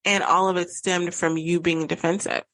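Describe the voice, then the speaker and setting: Earnest woman podcaster, lowish voice. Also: little pitch movement, normal speed, a bit bright, low-quality recording. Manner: earnest, acts out both sides of an argument. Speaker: podcast host and relationship coach. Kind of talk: solo podcast talk.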